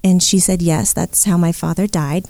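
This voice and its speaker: A woman's voice: fairly low pitch, normal speed, creaky, no echo. A middle-aged woman, a psychic medium, telling a story in a casual interview and acting out the voices in it. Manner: animated, acts out the voices in her story.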